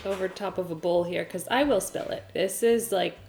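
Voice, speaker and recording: A woman's voice: fairly low pitch, moderate pace, gravelly, music in the background. A pregnant young woman in her kitchen, chatting to a camera on a stand as she cooks and mocking herself. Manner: chatty, self-mocking, talks to herself while cooking. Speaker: cooking vlogger. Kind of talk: casual chat to camera. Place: home kitchen.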